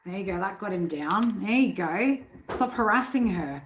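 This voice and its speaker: A woman chats loosely on a live stream from her home, swearing as she goes and stopping often to yell at her squabbling cats. The pitch sits in a middle range. A steady hiss of background noise runs under her voice. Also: moderate pace, few pauses, low-quality recording. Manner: loose and chatty, swears freely, breaks off to scold her cats. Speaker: tarot reader hosting a live stream. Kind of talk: casual live-stream chat.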